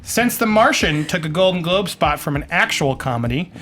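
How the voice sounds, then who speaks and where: A man judging a studio debate panel, calling on each speaker and keeping the score in a brisk way. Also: fairly high pitch, animated. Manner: brisk, calls out names and scores. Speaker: judge and host of a debate show.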